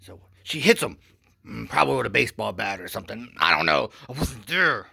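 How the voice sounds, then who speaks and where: A man telling a rambling satirical comedy story with goofy, deadpan asides. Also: medium pitch, brisk, gravelly, slightly rough.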